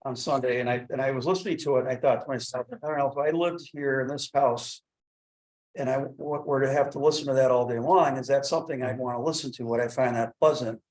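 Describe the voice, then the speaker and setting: A man on a village board, speaking at a public meeting in a halting way with many restarts. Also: mid-range voice, steady tone, darkish tone, poor audio. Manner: hesitant, many restarts and fillers. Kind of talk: meeting discussion.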